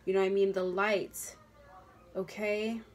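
A woman doing a relaxed tarot reading for her viewers, chatty and loose, drawing words out and checking in with "okay?" every few lines. her voice sits at an ordinary pitch, neither high nor low, and she sounds like she's at her desk at home. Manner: chatty, drawn-out words, frequent okays. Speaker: tarot reader. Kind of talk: casual tarot reading to camera. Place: home workstation. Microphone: desk camera at a workstation.

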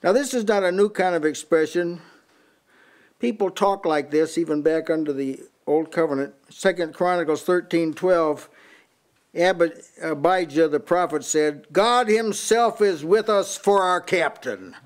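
A man's voice: a little high, unhurried. An older man preaching in a small house church, often restarting his words and reading out Bible passages in several translations. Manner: repeats words as he restarts, reads and compares many translations. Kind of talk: sermon.

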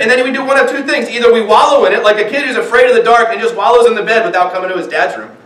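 Man preaching, very high voice, animated and acting out characters, echoey church recorded from far off. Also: very fast, hardly any pauses. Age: young adult or middle-aged, father of young children. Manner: animated preaching, acts out voices of people in stories. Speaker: pastor. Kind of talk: sermon. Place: church sanctuary.

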